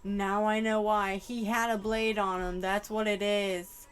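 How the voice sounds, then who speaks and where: A woman's voice: mid-range voice, flat delivery, unhurried, clear, resonant tone. A young woman giving an emotional channeled psychic reading, full of exclamations and swearing. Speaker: tarot reader.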